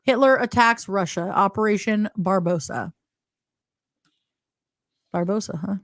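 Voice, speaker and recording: A woman's voice: mid-range voice, normal speed, no room sound, clean studio sound. A woman co-hosting a podcast, reading a wartime timeline aloud in casual chat and laughing at herself between dates. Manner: reads dates aloud, laughs often, self-teasing. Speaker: podcast co-host.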